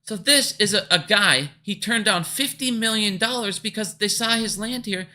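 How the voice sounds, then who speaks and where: A man hosting his own finance video, ranting with heavy swearing and swinging between loud outbursts and low mutters. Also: moderate pace, few pauses. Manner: angry, profane, swings between shouting and muttering. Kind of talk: profane ranting commentary.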